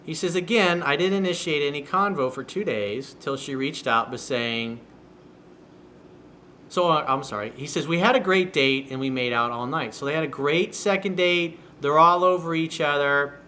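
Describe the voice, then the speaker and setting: In a solo video newsletter commentary, a male dating coach reads out a viewer's email and responds in a blunt, sarcastic, profane manner. He speaks at normal speed in a fairly high, pushed, bright voice. The setting is a home room with workers outside the window, and slight background noise is audible.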